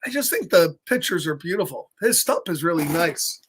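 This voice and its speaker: A man with a fairly high, expressive voice reads a picture book aloud at a moderate pace, with noise in the background. He's an adult with a child, often laughing and drifting into playful, chatty asides as he reads the children's story.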